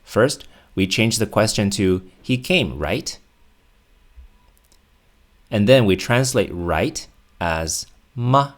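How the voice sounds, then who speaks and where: A man teaching a video language lesson, explaining patiently and clearly, with example phrases. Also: fairly low pitch, lively intonation, slow pace, long pauses.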